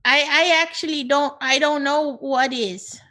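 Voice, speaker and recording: A meek, hesitant guest stumbles over her words, as a woman plays her in an improv sketch. The voice is high and bright, and the speech is slow and halting. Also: steady tone. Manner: hesitant, stammering, mumbling. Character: timid, meek woman guest who cooks from cans.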